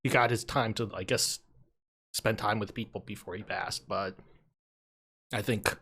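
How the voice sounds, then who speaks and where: A man's voice: fairly low pitch, fairly even intonation, a little slow, vocal fry, sharp tone, husky. A man co-hosting a casual podcast chat, rambling with lots of fillers and restarts. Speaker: podcast co-host.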